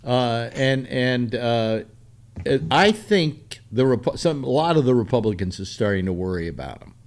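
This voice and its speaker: A man hosting a casual political talk show, rambling with many halting restarts. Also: mid-range voice, expressive.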